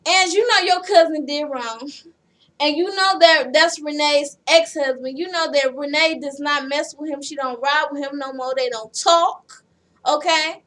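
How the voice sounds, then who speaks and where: A high-pitched woman rambles through a reality show recap in a blunt, salty, chatty way. She sits a fair distance back from the microphone. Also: measured pace, a bit bright. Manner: blunt, profane, chatty storytelling. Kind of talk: casual recap chat.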